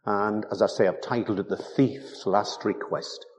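A man's voice: on the low side, steady tone, a little slow, slight background noise. A man preaching a sermon, emphatic and full of rhetorical tag questions.

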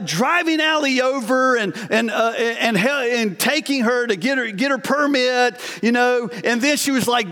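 A man in his forties preaching a sermon to his congregation, telling lively, conversational stories with asides to the people in front of him. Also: very high-pitched. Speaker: pastor. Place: church sanctuary. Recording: long hall reverb from a church sanctuary.

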